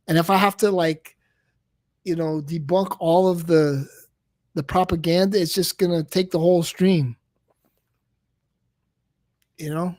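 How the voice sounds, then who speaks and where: A man's voice: high voice, a little mellow, dry recording, studio quality. A man chatting casually on a late-night live stream, rambling and exasperated, often stammering and repeating his words. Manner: exasperated, keeps saying "come on, man".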